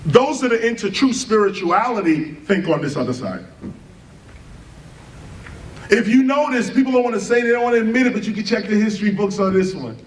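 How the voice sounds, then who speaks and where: Man lecturer, high lively delivery, unhurried, emphatic rhetorical questions; captured from a distance in an echoey hall. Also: slight background noise. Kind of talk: animated lecture to an audience. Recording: roomy, distant live lecture recording with faint ambience.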